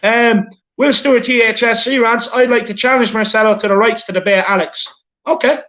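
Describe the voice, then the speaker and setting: Recorded on a phone, an Irish-accented live stream host with a notably high, somewhat bright voice reads super chats casually. He talks a little fast with fairly even intonation, chatters on, repeats himself, and keeps addressing people as "lad" and "my man."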